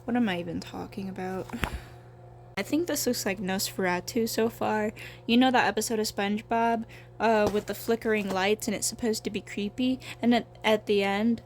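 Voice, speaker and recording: A young woman in her twenties, a vlogger, chats casually while drawing, rambling, swearing and putting herself down. Her mid-range voice keeps fairly even intonation at a normal speed, with a little hiss or hum in the recording.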